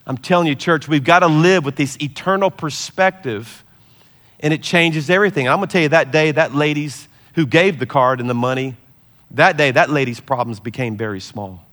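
A middle-aged man, a pastor, preaching a sermon with lively storytelling and laughter, easing into a soft, slow prayer. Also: on the high side. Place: large church hall.

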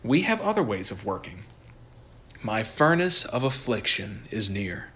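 A man voicing a patient, wise old blacksmith in a parable he reads, with measured, firm, old-fashioned speech. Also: on the low side, sing-song, a bit bright. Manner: measured, firm, archaic phrasing.

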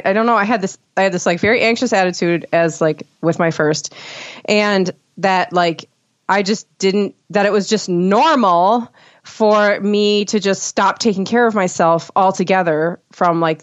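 A woman's voice: medium pitch, normal speed, dry recording, lo-fi sound. A woman, a mother of two, talking in a casual podcast conversation, rambling with lots of fillers and restarts. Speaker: mother of two sharing parenting experience.

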